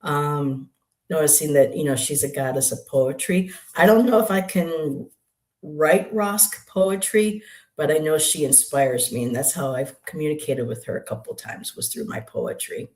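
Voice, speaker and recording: A livestream co-host and poet chatting casually, in a meandering, halting way with many asides. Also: mid-range voice, a little mellow. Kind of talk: casual spiritual chat. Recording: roomy echo.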